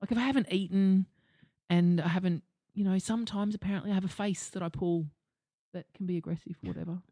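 A middle-aged Australian woman co-hosting a podcast, chatting casually and telling stories with lots of swearing and some deadpan. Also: on the low side, fast talker, no echo, studio quality. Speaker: podcast co-host. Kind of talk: casual chat.

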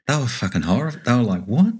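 A man's voice: low voice, big pitch swings, a little fast, fairly bright tone, slightly rough. An Australian man co-hosting a casual podcast, blunt and teasing, full of slang. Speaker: podcast co-host. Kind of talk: casual chat.

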